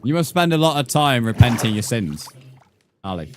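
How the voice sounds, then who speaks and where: A man's voice: mid-range voice, very animated, normal speed, music in the background. A man chatting casually with viewers while streaming a game, rambling and full of crude jokes. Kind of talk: casual live-stream chat while gaming.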